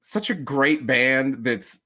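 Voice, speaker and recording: A man's voice: medium pitch, takes it slowly, pushed and bright. A man chatting casually as a podcast guest, rambling with many restarts, laughing often and acting out what other people said. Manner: acts out quoted people in mock voices. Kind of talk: casual chat.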